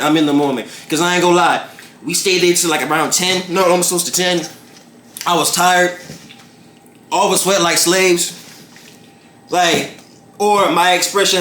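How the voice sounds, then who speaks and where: Young male cooking vlogger, slightly high voice, rambling and profane, echoey kitchen with faint music behind. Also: a bit bright, slight background noise. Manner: rambling, profane, fillers like "like" and "bruh". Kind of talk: casual cooking vlog with storytelling. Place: home kitchen. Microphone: camera mic. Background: background music.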